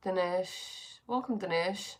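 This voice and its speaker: A woman's voice: on the low side, takes it slowly. Reflective woman livestreaming with a sore throat. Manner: reflective, greets viewers, many fillers. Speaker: spiritual livestream host. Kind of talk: casual spiritual talk on a livestream. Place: her bedroom.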